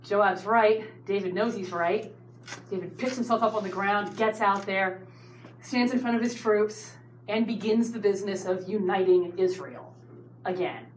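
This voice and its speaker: Her voice medium-pitched and measured, a woman teaches a Bible study group, recounting the story with lively comments to her students. Faint noise fills the roomy space around her.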